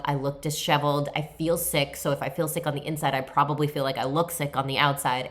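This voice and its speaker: A woman in her thirties with a low voice tells a story on her podcast. Her talk is loose and chatty, full of filler words and self-mocking laughs. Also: a bit bright. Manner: chatty, heavy on fillers like "like" and "you know", laughs at herself. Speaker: podcast host. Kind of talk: casual storytelling monologue.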